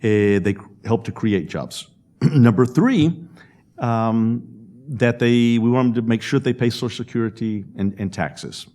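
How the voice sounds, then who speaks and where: At a public panel discussion, a man tells stories, acting out quotes and laughing along the way. He has a mellow, medium-pitched voice and a measured pace.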